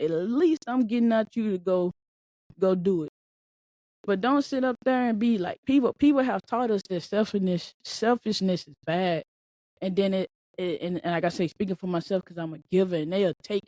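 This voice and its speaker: A woman hosting a podcast as a mindset speaker, talking in a blunt, colloquial, animated way with frequent repeats and the odd swear word. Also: a little high, no echo. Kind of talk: casual motivational monologue. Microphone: podcast microphone.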